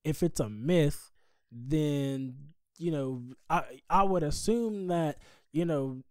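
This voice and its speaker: A man's voice: a little high, slow pace, a little mellow, clean tone, no room sound. A man hosting a podcast, talking things through in a rambling, thoughtful way. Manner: thoughtful, rambling, many fillers. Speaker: podcast host. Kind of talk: casual chat.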